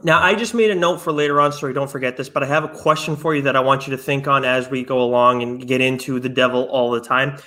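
A man's voice: medium pitch, steady tone, fast talker, few pauses, sharp tone. A man co-hosting a podcast in casual chat, talking in long asides that trail off and restart. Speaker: podcast co-host.

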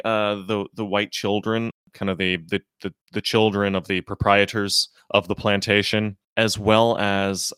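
A man with a lowish, smooth and resonant voice chats casually as a podcast co-host. He talks with dry sarcasm and over-the-top mock praise, stumbling through frequent restarts and repeated words. The sound is close and dry. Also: a bit bright, dry recording. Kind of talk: casual chat.

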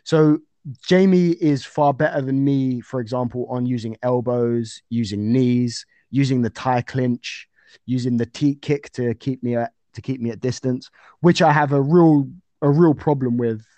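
A man's voice: mid-range voice, unhurried, mellow, no room sound. A young man talking casually as an interview guest about his fights, rambling with fillers and restarts.

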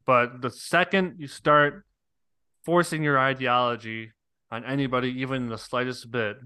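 Man, casual podcast chat, bright tone, dry close sound. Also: medium pitch, fairly even intonation, moderate pace, clear, resonant tone, no room sound. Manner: laid-back, says dude and man a lot. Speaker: podcast co-host.

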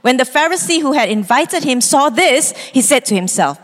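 A woman, preaching a sermon as pastor, expressive and quick to act out voices. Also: high-pitched. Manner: expressive, acts out quoted voices, laughs easily. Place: church hall. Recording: long reverb in a church hall.

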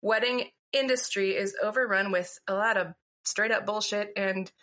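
A woman's voice: medium pitch, moderate pace, fairly bright tone. A woman from St. Louis, a wedding planner guest on a podcast, wry and outspoken. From St. Louis, Missouri. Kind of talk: casual podcast interview.

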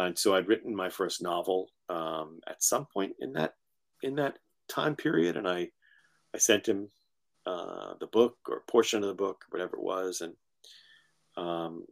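Deep-voiced man telling stories as guest. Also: gravelly. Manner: relaxed, storytelling. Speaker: guest author. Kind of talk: casual interview chat.

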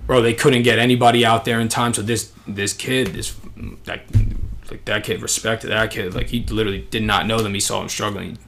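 A young man telling a story in casual chat, slangy and profane, full of fillers and animated. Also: lowish voice, a little fast, vocal fry, noisy background.

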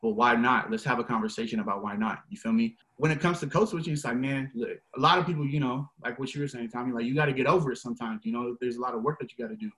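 A young man, a guest on a podcast, talking in a relaxed, slangy and emphatic way. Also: mid-range voice, very fast, hardly any pauses. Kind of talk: casual conversation.

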